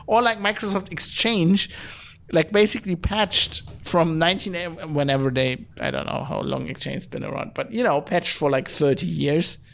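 Man, podcast host, high voice, exasperated profane rant, lots of restarts. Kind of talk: ranting podcast commentary.

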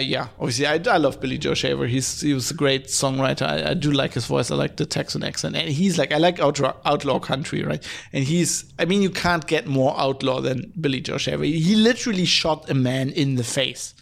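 A man hosts his podcast alone, his throat hoarse from hay fever. His voice sits slightly high and gravelly. He rambles through listener mail in a loose, profane way, full of ums and restarts. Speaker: podcast host. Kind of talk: casual solo podcast, reading listener mail. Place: at home, lives in Germany.

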